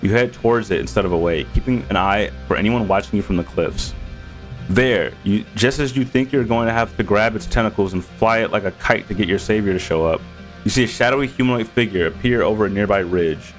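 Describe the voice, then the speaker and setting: A man's voice: on the low side, brisk, faint music behind. A man streaming a game, reading its narration aloud with casual asides.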